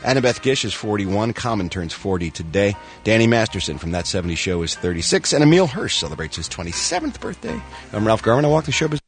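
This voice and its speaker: A man's voice: on the low side, sing-song, quick pace, soft background music. A man hosting a radio show, joking through entertainment news with playful showbiz patter while losing his voice.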